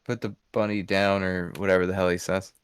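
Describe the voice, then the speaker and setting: A man co-hosting a podcast in casual chat, teasing, laid-back and quick with short reactions. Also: deep voice, flat delivery, clean tone, no echo. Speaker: podcast co-host.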